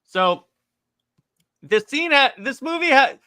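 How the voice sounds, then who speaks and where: A man co-hosting a casual movie discussion, excitedly retelling scenes with lots of stumbling restarts. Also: very high-pitched, takes it slowly. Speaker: podcast co-host.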